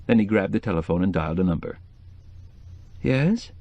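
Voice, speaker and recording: Male audiobook narrator, expressive, dry close recording. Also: sits low, very fast, no room sound, lo-fi sound. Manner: expressive storytelling. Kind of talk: scripted narration.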